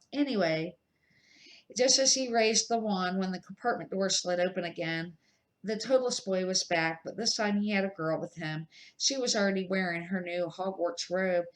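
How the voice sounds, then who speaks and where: An older woman, a grandmother, reading a children's book aloud at an unhurried pace, with small slips and restarts. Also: medium pitch, a bit bright, poor audio.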